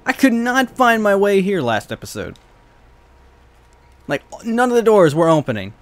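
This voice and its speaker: A man's voice: high-pitched, sing-song, moderate pace, no room sound. A man giving casual gameplay commentary, chatty and prone to swearing as he reacts to the game. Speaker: let's play host.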